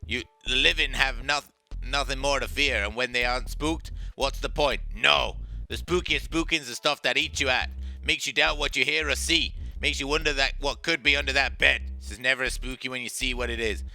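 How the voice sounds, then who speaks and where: A man's voice: mid-range voice, a little fast, vocal fry, bright, forceful tone, faint music behind, pitched below the performer's own voice, poor audio. A man voicing a boastful, centuries-old male ghost who brags about his hauntings in a folksy drawl. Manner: swaggering, folksy old-timer bragging. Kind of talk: reading game dialogue aloud.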